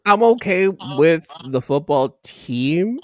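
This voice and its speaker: A man's voice: on the high side, animated, slow pace, darkish tone, no room sound. A male host from Northern California in a loose livestream hangout. His voice rises and falls a lot and sounds dry and close, and he laughs easily, trailing off and restarting his sentences. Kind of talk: casual chat.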